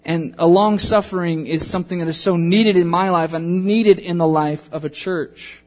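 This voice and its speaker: A man in his thirties preaches a sermon to his church. He speaks in a fairly high voice and slips into the voices of the people in his story as he tells it. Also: normal speed. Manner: animated storytelling, acting out quotes. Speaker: pastor.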